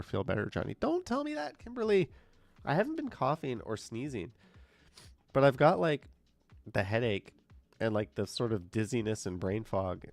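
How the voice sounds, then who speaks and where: A man's voice: lowish voice, a little mellow. A man with a stuffed-up, nasal voice from a cold, chatting casually on a live stream as he reads viewer comments aloud and answers them. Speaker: live streamer reading chat. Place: indoors.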